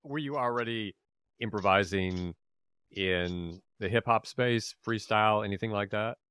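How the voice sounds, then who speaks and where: A man's voice: on the low side, a little slow, a bit bright, smooth, no echo. A man hosting a casual interview, laughing easily and giving short encouraging replies. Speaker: podcast host.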